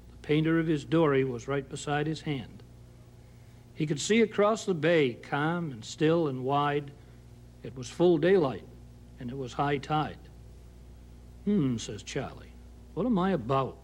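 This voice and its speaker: A man's voice: a little high, lively intonation, a little slow, pauses often. A man with a Maine accent reciting a humorous narrative poem in a folksy drawl, acting out the characters' lines. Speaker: storyteller. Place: home kitchen.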